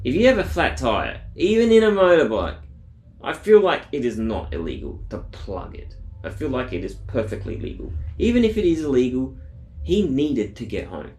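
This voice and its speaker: A man's voice: mid-range voice, wildly swooping pitch, normal speed, darkish tone, echoey room. A man telling a daily diary vlog in a rambling, blunt, profane casual way. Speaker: vlogger.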